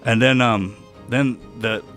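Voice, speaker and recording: Middle-aged guy telling a wild story on a podcast, bright voice, lots of restarts. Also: medium pitch, fairly even intonation, slow, faint music behind. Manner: vivid, emotional retelling with many restarts. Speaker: podcast guest.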